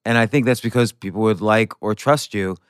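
A man's voice: fairly low pitch, a little fast, smooth, no room sound, clean studio sound. A man hosting an interview, asking curious questions and searching for words as he goes. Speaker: interviewer, host.

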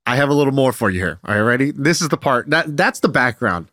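A man in his thirties, co-hosting a podcast, telling a story in an energetic, animated way. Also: medium pitch, quick pace, no room sound, clean studio sound. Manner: energetic, animated retelling with quoted voices. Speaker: podcast co-host. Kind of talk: casual storytelling chat.

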